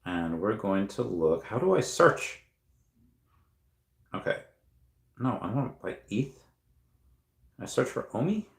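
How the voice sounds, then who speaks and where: A man with a lowish voice chats loosely through a livestream, reading out viewer comments and musing aloud. He pauses often with ums and uhs. His voice rings a little in a room with noticeable echo. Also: sing-song, creaky. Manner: rambling, thinking aloud with many fillers. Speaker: crypto livestream host. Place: room at home at night.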